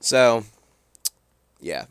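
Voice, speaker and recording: A man's voice: medium pitch, very animated, very slow, a bit bright, clear, resonant tone, no room sound. A young man from Pennsylvania telling a personal story on a livestream in a rambling, profane, indignant way, with many fillers.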